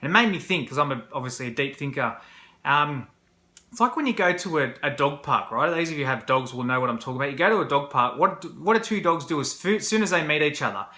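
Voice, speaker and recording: A man shares his story in a casual, rambling vlog, full of fillers and restarts. His voice is bright and forward. The room around him rings with a noticeable echo. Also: fairly high pitch, lively intonation, fast talker. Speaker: vlogger. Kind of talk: candid personal storytelling to camera. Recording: roomy echo.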